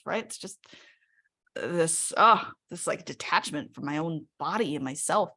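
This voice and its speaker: A woman speaks candidly to a live webinar audience over a video call, and her voice sits a little low for a woman. She talks in a loose, conversational way and keeps checking in with listeners. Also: lively intonation, moderate pace, sharp tone. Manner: candid, conversational, often asks the audience "right?". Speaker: speaker sharing a personal story. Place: her home workspace.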